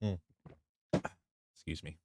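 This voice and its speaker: A man's voice: takes it slowly, noisy background. A young man streaming as a vtuber, chatting casually and playfully, often cracking up with laughter. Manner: giggly, easily breaks into laughter; mock-grand, playful self-introduction. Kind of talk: casual live stream chat.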